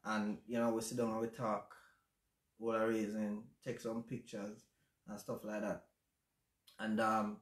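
A man with a Jamaican accent hosting a casual livestream chat, speaking in a reflective, halting way with many fillers. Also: fairly low pitch, completely flat delivery. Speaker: channel host. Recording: roomy echo.

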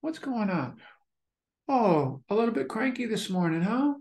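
Soft, higher, childlike self-greeting, coaxing and kind, a man voicing it. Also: very animated, unhurried. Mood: gently coaxing. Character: gentle childlike inner voice greeting oneself kindly.

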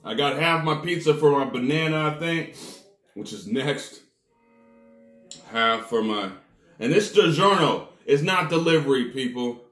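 A man's voice: on the high side, animated, measured pace, fairly bright tone, roomy sound, soft background music. A man reviewing snacks on camera, talking to his viewers and groaning dramatically at each bite. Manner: dramatic, groaning reactions to the taste; talks straight to viewers as "people". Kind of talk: casual food-tasting vlog talk.

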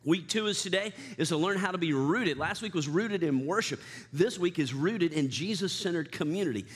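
A man who is lead pastor, preaching a lively, self-deprecating sermon and leading the congregation in call-and-response. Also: fairly high pitch, normal speed, husky. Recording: reverberant church sanctuary.

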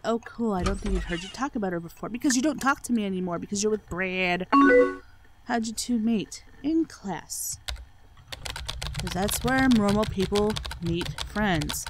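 Sarcastic woman gamer over loud music. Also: medium pitch, moderate pace, low-quality recording. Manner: sarcastic, swears freely, reads game chat aloud. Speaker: let's play gamer. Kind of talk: game playthrough commentary.

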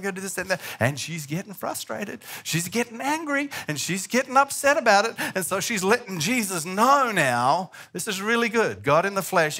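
Pastor, middle-aged man, lively swooping delivery, bright forceful tone, sermon storyteller. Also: high voice. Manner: animated storytelling, acts out quoted voices.

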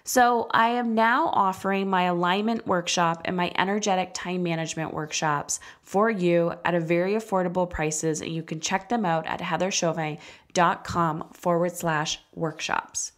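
A woman in her thirties hosting a solo parenting podcast, speaking candidly and conversationally, slowing down to stress key points. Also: lowish voice, steady tone. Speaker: podcast host and parenting coach.

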